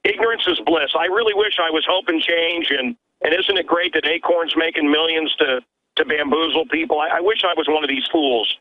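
An emphatic man speaks over a tinny phone line, his voice a little higher than most men's. He stumbles through repeated words as he pushes his point. The sound is dry and close, with no room around it. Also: brisk, no room sound. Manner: emphatic, stammering restarts. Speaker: radio host calling in as guest. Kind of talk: animated call-in conversation. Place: his own radio studio. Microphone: telephone line.

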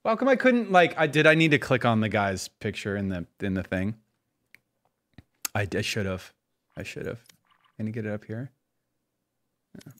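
A man's voice: lowish voice, animated, moderate pace, long pauses, a bit bright. A man in his forties streaming a shooter game from a room at home, chatting casually, mocking himself and swearing often. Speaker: livestreamer playing a shooter game. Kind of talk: casual gameplay commentary.

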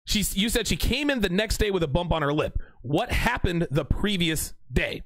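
A young man hosting a livestream, reading out chat messages with animated, joking banter and mock courtroom lines. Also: high voice, normal speed, dry recording.

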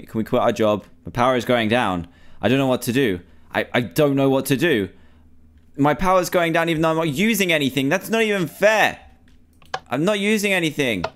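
Panicky man playing a horror game. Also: mid-range voice. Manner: panicky, pleading, talking to himself, repeating lines. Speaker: gamer.

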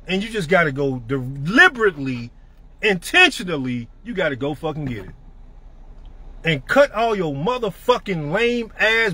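A man's voice: high-pitched, sharp tone. A middle-aged man giving a profane, emphatic motivational rant to his network marketing team.

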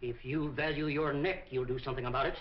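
Man playing a stern anxious father, mid-pitched voice, muffled 1940s film audio. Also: fairly even intonation, quick pace, lightly acted. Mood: desperate. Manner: stern, anxious, forceful when angry. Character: worried older male store owner and father. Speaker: businessman. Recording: dull old film soundtrack.

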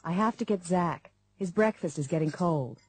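A woman playing a patient mother in a scripted textbook dialogue, calm and organized. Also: lowish voice, moderate pace, slightly rough.

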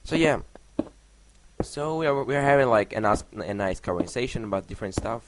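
A young man, a gaming vlogger, tells a rambling story over gameplay, swearing often and counting blocks under his breath. His mid-range voice is expressive and brisk, captured on a noisy home mic.

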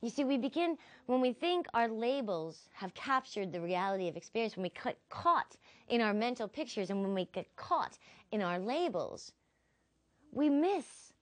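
A woman philosophy instructor giving a recorded lecture, telling stories expressively. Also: on the high side. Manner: expressive, animated storyteller.

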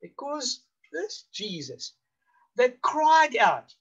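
A male pastor with a South African accent preaching slowly and deliberately, rising for emphasis and dropping to a hush. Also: very high-pitched, huge pitch swings, breathy edge, dull audio. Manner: slow, deliberate preaching with emphatic rises and hushed drops. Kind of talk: sermon.

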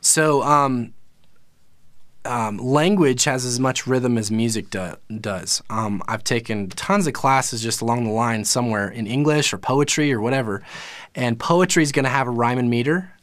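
A man's voice: mid-range voice, moderate pace, fairly bright tone, no room sound. Casual male music teacher, dry sound. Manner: casual, explanatory, lots of fillers and self-corrections. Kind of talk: live online music lesson.

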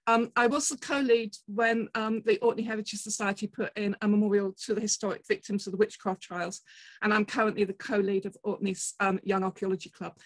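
A woman from southern England with a Portsmouth accent, giving a conference talk in a chatty way, often pausing on ums and restarting. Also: on the high side, no echo, low-quality recording. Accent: Portsmouth English. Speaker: conference speaker. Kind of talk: presentation talk.

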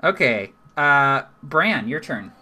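A man's voice: mid-range voice, very animated, slow pace, bright, forceful tone. A man narrating a live tabletop game as game master, chatty and laughing often, with lots of fillers.

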